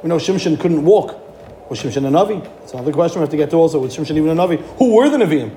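A man giving a Torah class, animated, with rhetorical questions and frequent restarts. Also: fairly high pitch, racing, slight background noise. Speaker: Torah teacher.

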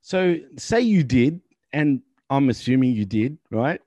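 A man's voice: medium pitch, animated, measured pace, mellow, no room sound. A man co-hosting a casual wrestling chat, ranting and swearing in exasperation. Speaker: podcast co-host.

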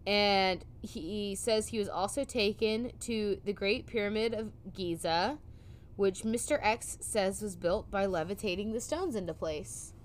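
Slight background noise sits under a woman's medium-pitched, unhurried voice as she co-hosts a casual chat. Her storytelling is animated, with quotes acted out amid laughter.

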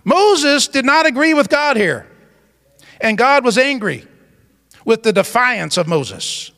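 A man's voice: very high voice, very animated, slow, bright, forceful tone, in a large hall. A man preaching a sermon as pastor, emphatic and exclamatory.

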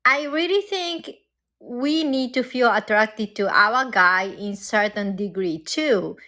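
A woman co-hosting a podcast, sharing dating advice in a reflective, unhurried way with frequent fillers. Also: fairly high pitch, animated, bright, forceful tone. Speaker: podcast co-host. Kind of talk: candid podcast chat.

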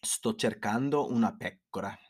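A young man co-hosting a podcast, telling animated stories in casual chat, swearing a lot and switching to loud shouting impressions. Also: lowish voice, moderate pace, slightly rough. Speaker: podcast co-host.

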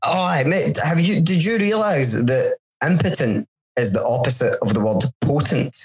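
A young Scottish man co-hosting a podcast, telling stories with sweary, animated banter. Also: fairly high pitch, moderate pace, poor audio. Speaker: podcast co-host. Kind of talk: casual chat.

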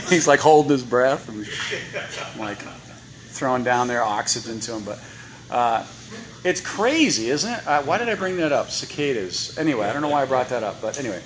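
A man's voice: mid-range voice, animated, moderate pace, slight background noise, poor audio. A man preaching a sermon in a church, chatty and full of rhetorical questions to the congregation. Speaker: guest preacher. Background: congregation responses.

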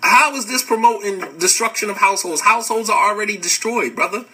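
Man, podcast host, casual lecture, very bright tone, husky. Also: high-pitched, fairly quick, distant mic, low-quality recording. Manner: animated, street-casual, laughs often. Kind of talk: casual lecture answering live comments.

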